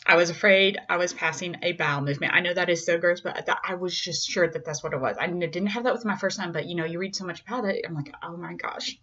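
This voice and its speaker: A young woman casually telling the story of her son's birth, chatty and candid, acting out other people's lines with big leaps in pitch. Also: quick pace, hardly any pauses, a bit bright, muffled recording. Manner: candid and self-deprecating.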